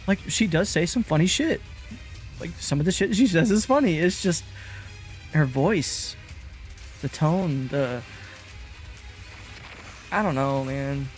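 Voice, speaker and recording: A man's voice: a little high, expressive, slow, long pauses, faint music behind. A man streaming a game, chatting casually in a rambling, self-mocking way and swearing freely. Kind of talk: casual gaming commentary.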